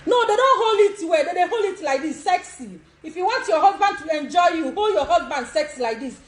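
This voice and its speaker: A woman's voice: very high voice, lively intonation, brisk. A woman in her sixties with a Nigerian accent, giving bold instructions on a live video with frequent laughs. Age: 60s. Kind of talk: social media live demonstration. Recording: echoey room.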